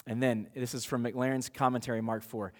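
A man's voice: medium pitch, a little fast. Casual preaching man in a reverberant church. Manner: conversational, animated preaching with asides. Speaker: pastor. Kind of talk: sermon.

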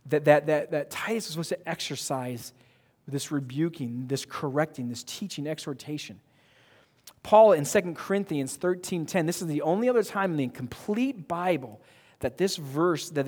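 A man preaching a sermon as pastor, animated and emphatic, joking with his congregation. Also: on the high side, big-room sound. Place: church sanctuary.

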